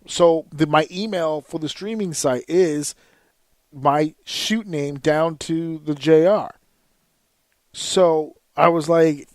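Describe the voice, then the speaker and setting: A man's voice: fairly high pitch, slow, darkish tone, no room sound. Profane, exasperated man ranting on a podcast. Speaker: podcast host. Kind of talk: casual ranting monologue.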